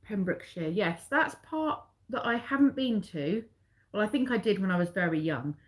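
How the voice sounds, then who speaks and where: A woman's voice: medium pitch, animated, moderate pace. A middle-aged woman with an English accent, chatting casually with live viewers and rambling as she corrects herself along the way. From England. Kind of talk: casual live-stream chat.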